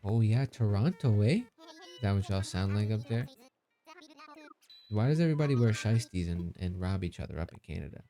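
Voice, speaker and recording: A man's voice: fairly low pitch, expressive, moderate pace, long pauses, dark tone, slight background noise. Laid-back joking man streaming. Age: 30s. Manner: joking, reads chat aloud, laughs often. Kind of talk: casual live-stream chat.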